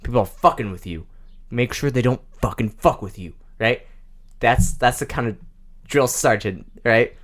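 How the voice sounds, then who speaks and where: A man's voice: medium pitch, normal speed, a bit bright. A young man co-hosting a casual podcast chat, stammering, restarting and laughing often, close to his microphone. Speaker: podcast co-host.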